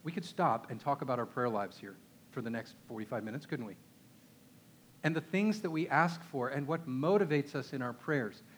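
A man's voice: medium pitch, expressive, normal speed, a little hiss or hum. A man with a Texan accent preaching a conversational sermon, emphatic and often asking his listeners rhetorical questions. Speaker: pastor.

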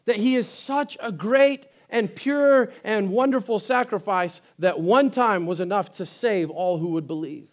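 A male pastor delivers a sermon in a high voice. He preaches with strong emphasis, rising to loud declarations and dropping to quiet, earnest passages. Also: measured pace, few pauses. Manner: emphatic, swings between loud and soft; acts out scripture quotes.

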